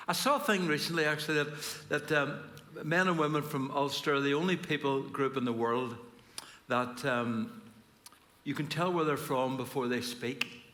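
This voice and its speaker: A middle-aged Northern Irish man preaching from the pulpit. His voice is bright and forward, pitched around the middle. He talks in a chatty way, with joking asides, then reads scripture steadily. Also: fairly even intonation, moderate pace. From Northern Ireland. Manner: warm, chatty, self-deprecating asides. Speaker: guest preacher. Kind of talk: sermon with humor and scripture reading.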